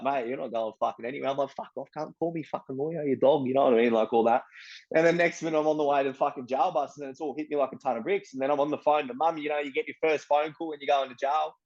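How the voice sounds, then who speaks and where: Profane young Australian man, muffled sound. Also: medium pitch. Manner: blunt and profane, street slang, animated retelling. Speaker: interviewee. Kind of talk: casual storytelling.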